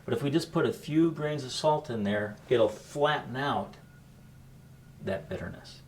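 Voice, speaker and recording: A middle-aged man hosting a home coffee cocktail demo, explaining each step in a relaxed, chatty way. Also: mid-range voice, a little slow, a little hiss or hum. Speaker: host making a coffee cocktail. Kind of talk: casual cooking demo chat.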